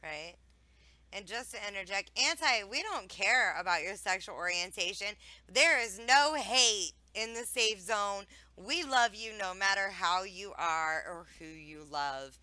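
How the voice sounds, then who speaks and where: A woman's voice: medium pitch, lively intonation, a little slow, sharp tone, no room sound, low-quality recording. A woman from Wisconsin hosting a live stream, reading chat aloud and cursing casually. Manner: profane, laughing, reads chat aloud.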